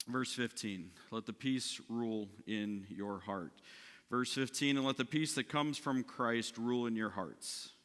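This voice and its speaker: A pastor delivers a sermon in a bright, forceful voice. He talks conversationally, checking in with his listeners and restarting sentences as he goes. His voice rings out in a reverberant church hall. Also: medium pitch. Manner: conversational preaching with frequent "right?" and restarts. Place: church sanctuary.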